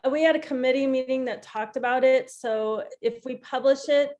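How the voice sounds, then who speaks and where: A woman walks a group through event plans on a video call, her voice a bit high. She hesitates often, filling gaps with ums. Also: fairly even intonation, moderate pace, a little mellow, muffled recording. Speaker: event organizer.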